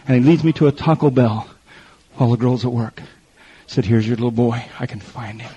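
This mid-range, husky, mellow male voice holds a steady tone and moves a little fast. He's a middle-aged man giving a folksy testimony sermon, telling stories, playing the other people in them, and repeating himself for effect. The audio is muffled and lo-fi.

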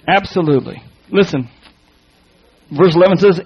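A man preaching a sermon, explaining a Bible passage in an emphatic, folksy way with repeated words and quick restarts. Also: high voice, expressive, darkish tone, slightly rough, highs cut off.

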